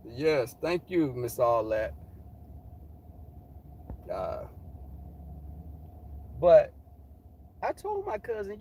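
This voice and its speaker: Middle-aged guy spilling a story, sassy and loud, high lively voice kinda husky. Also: drawn-out words, pauses often, a little hiss or hum. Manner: animated, sassy, profane, jumps into high voices for quotes. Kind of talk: casual storytelling to viewers.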